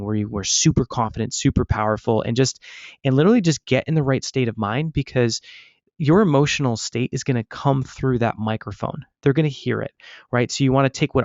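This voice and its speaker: A man's voice: medium pitch, no room sound. Upbeat man coaching over dull webinar audio. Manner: energetic, encouraging, smiling as he talks.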